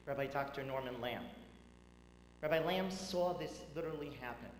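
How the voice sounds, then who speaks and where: Rabbi guy telling stories at a banquet, goes loud then hushed, slightly high voice. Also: normal speed. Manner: dramatic storyteller, swings between loud and hushed. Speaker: rabbi giving a tribute. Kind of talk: banquet speech with storytelling. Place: large banquet hall. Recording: echoey hall with faint hum.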